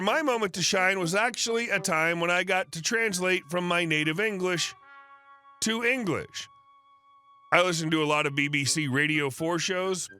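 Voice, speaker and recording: Guy reading a story out, high bright voice, soft music behind. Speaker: narrator. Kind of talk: scripted story narration.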